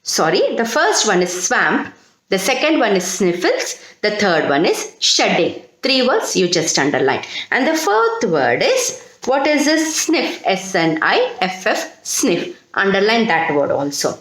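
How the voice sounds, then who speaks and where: A woman's voice: mid-range voice, huge pitch swings, measured pace, fairly bright tone, roomy sound, low-quality recording. A woman teacher, reading a story to students and spelling out words letter by letter as she dictates. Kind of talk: recorded online class lesson.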